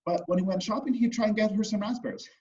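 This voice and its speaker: A man's voice: sits high, steady tone, fast, darkish tone, roomy sound. A man teaching an online kids' martial arts class and telling them a story, upbeat and encouraging. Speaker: martial arts kids instructor. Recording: distant lo-fi livestream audio.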